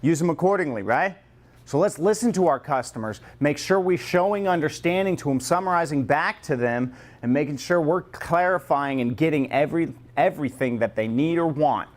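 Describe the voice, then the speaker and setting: A man leading a staff training session in a room with a group, lively and joking, acting out customer lines as examples. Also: fairly high pitch, moderate pace. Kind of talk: classroom training talk.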